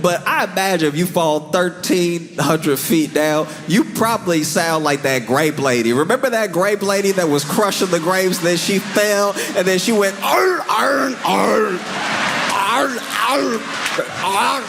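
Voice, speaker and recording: A man doing a stand-up comedy set, telling a story with lively, animated delivery and breaking into high, strained character voices. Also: moderate pace, hardly any pauses, over music.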